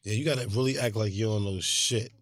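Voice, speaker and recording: A man co-hosting a podcast, telling crude stories in casual, animated chat. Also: fairly low pitch, fast, dry recording, clean studio sound. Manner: profane, animated storytelling. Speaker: podcast co-host.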